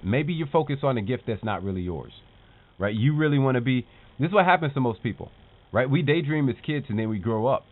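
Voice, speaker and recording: A man hosting a show, giving a casual motivational talk to his viewers, calling them "team" and asking "right?" as he talks. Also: mid-range voice. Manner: animated, calls his audience "team", keeps asking "right?". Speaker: show host. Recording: tinny phone-like lo-fi sound.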